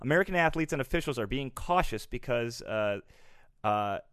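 A man's voice: mid-range voice, moderate pace, no echo, studio quality. A man hosting a comedy news podcast, reading headlines and riffing with jokes. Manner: animated, jokey, puts on mock accents.

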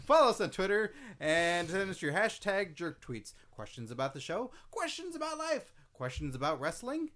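A man co-hosting a casual podcast, joking and playful with deadpan asides. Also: high-pitched, moderate pace, few pauses. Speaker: podcast co-host. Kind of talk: casual chat.

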